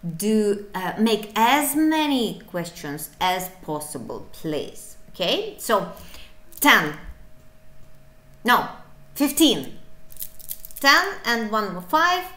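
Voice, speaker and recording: A woman's voice: mid-range voice, big pitch swings, drawn-out words, long pauses, pushed and bright, echoey room. A woman teaching a beginner English lesson, encouraging and playful, breaking into little asides. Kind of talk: online language lesson.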